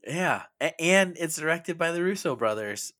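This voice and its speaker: A man's voice: a little high, expressive, moderate pace, pushed and bright, no room sound. A man co-hosting a casual movie podcast, chatty and laughing often, with frequent hesitant restarts. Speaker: podcast co-host.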